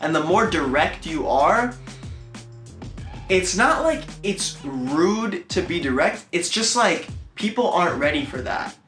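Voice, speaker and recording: A man's voice: a little high, sing-song, measured pace, a bit bright. A young man with a New York accent giving a casual English lesson to the camera, loose and chatty, acting out example phrases. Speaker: English teacher on a video channel. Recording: echoey room with faint music.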